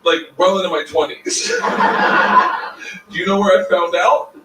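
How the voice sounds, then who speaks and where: A man's voice: high-pitched, big pitch swings, slow. A man in his thirties doing rambling, self-mocking, profane stand-up comedy. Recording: echoey distant stage recording with noise.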